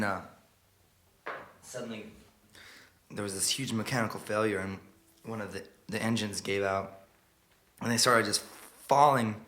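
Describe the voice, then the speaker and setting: A man telling a story in a soft, hushed and halting way, pausing and restarting often. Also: lowish voice. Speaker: singer-songwriter. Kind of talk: spoken storytelling intro to a song. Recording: loud guitar playing behind the voice.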